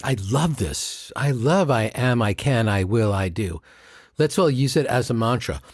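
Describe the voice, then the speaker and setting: Man, podcast co-host, average pitch, dry close sound, rhythmic playful teaching. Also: lively intonation, unhurried, no echo. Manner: warm rhythmic chanting of mantras, playful asides.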